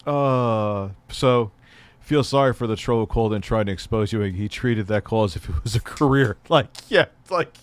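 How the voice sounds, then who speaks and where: A middle-aged livestream host chats casually, loose and full of profanity, laughing a lot and breaking into excited bursts. His voice is fairly low and smooth, at an ordinary pace.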